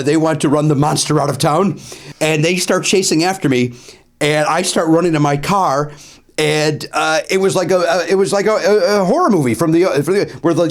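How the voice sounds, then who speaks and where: A middle-aged male comedian and host telling a story in a lively monologue, full of ums and uhs, pushing his voice up to stress the punchlines. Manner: animated, swings pitch up for emphasis, filler-heavy.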